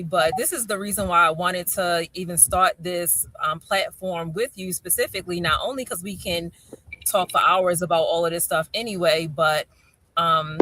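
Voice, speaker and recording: A middle-aged woman with a Baltimore accent, hosting a casual chat and telling stories with lively acted-out quotes. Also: fairly low pitch. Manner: animated storyteller, acts out quotes. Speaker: podcast host.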